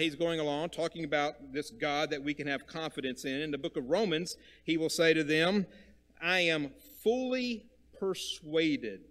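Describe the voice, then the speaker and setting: A man preaching a sermon to a congregation. He stresses and repeats key words, swinging from loud emphasis to quiet, low lines.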